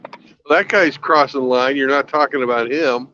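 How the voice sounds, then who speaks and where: A man's voice: mid-range voice, moderate pace, pushed and bright, highs cut off. A man hosting a livestream, chatting casually and trading dry banter. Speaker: stream host. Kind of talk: casual chat.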